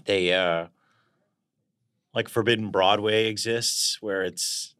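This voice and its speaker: A man's voice: on the low side, steady tone, slow, fairly bright tone. A man being interviewed as a guest actor, talking in a reflective, casual way and searching for words as he goes.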